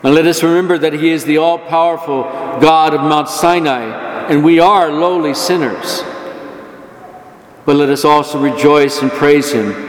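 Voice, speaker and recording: A man's fairly high voice delivers an earnest homily, pressing on the words he gives as God's. It rings around a big church, with a long echo trailing after each phrase. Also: steady tone, normal speed. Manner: earnest, rising emphasis on quoted words of God. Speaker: priest. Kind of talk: sermon. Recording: echoey church hall.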